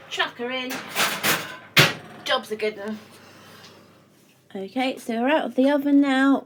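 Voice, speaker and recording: A woman's voice: a little high, noisy background. Chatty woman baking at home. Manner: chatty, playful, makes up silly rhyming words. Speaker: baking vlogger. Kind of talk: casual chat while baking. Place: home kitchen.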